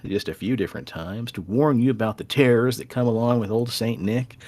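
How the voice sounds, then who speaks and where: A man's voice: mid-range voice, fairly quick, darkish tone, no echo. A man co-hosting a casual podcast, joking and teasing his co-host, whom he keeps calling buddy.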